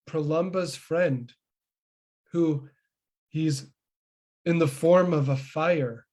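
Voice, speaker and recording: A man leading a spiritual class who tells devotional stories in an earnest, reverent way and recites long lists of names one by one. His voice sits fairly high for a man. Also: a little mellow. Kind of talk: devotional storytelling lecture.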